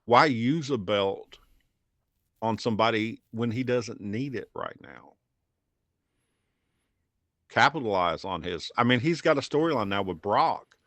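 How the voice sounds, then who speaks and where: A man with a low voice co-hosting a podcast in relaxed conversation. He talks with enthusiasm and often drops his voice low and quiet. The recording is dry and close to the mic. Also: measured pace, pauses often, dry recording. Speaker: podcast co-host. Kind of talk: casual chat.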